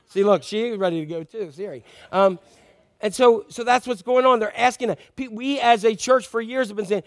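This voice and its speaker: A man's voice: high-pitched, brisk. Joking conversational male preacher. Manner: conversational and joking, with emphatic scripture reading. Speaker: pastor. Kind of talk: sermon.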